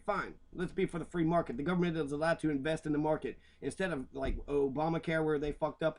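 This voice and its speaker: A man's voice: a little high, a little mellow. Profane, heated man ranting the news. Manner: profane, heated, rambling rant. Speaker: commentary vlogger.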